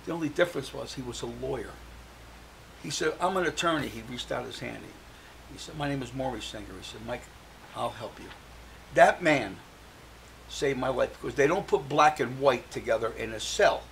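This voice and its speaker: A man's voice: medium pitch, moderate pace, creaky, a little hiss or hum, poor audio. An older man, a guest on a talk show, telling his personal story and acting out the voices of the people he quotes.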